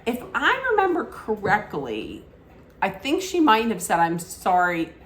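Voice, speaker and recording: A woman's voice: mid-range voice, huge pitch swings, a little slow, a bit bright, reverberant, a little hiss or hum. A woman giving an opinionated, casual recap rant about a reality show, often restarting her sentences. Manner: opinionated, frequent restarts and asides.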